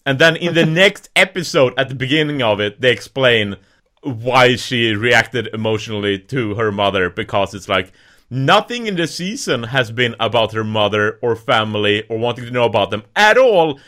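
A man's voice: mid-range voice, animated, normal speed, bright, forceful tone. A man co-hosting a podcast in casual chat, exasperated and complaining, laughing between points. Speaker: podcast co-host.

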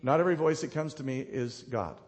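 A middle-aged man preaching a passionate sermon, rising to loud declarations and dropping to hushed, intimate moments. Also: medium pitch, a little fast. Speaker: pastor. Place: church sanctuary. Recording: long hall reverb.

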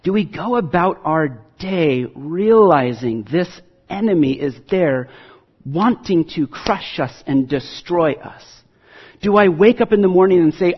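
Husky-voiced man preaching casually. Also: fairly high pitch, expressive, measured pace. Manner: conversational, storytelling preacher with fillers. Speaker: pastor. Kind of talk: sermon. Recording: dull lo-fi recording.

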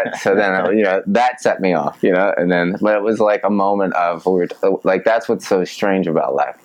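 A man appearing as a podcast guest, telling personal stories in casual conversation with animated energy and frequent laughter. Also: sits low, brisk, few pauses, rough recording.

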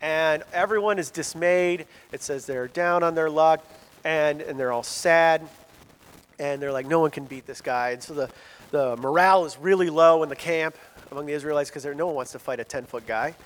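A man preaching a sermon in a conversational, animated storytelling manner, in a church hall. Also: fairly high pitch, normal speed. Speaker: pastor. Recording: long hall reverb.

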